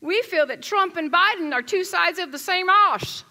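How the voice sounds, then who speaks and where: Woman putting on an Irish man's voice, blunt, crude, loud, pitched up high. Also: expressive, moderate pace, exaggerated voice. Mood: mocking. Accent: put-on Irish.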